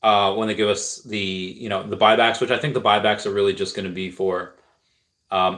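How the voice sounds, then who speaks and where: A man's voice: lowish voice, steady tone, fairly quick, a bit bright. A man streaming live, answering viewer chat questions in a casual, rambling way with lots of fillers and restarts.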